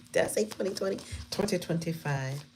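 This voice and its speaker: A woman with a low voice gives a casual tarot reading. She talks bluntly, swears freely and laughs often. Faint room noise sits under her voice. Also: normal speed. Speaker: tarot reader.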